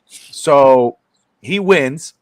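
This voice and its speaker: A man co-hosting a casual sports talk stream, recounting events with excitement and plenty of fillers. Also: mid-range voice, drawn-out words, no echo. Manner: excited storyteller, many fillers. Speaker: sports talk show co-host.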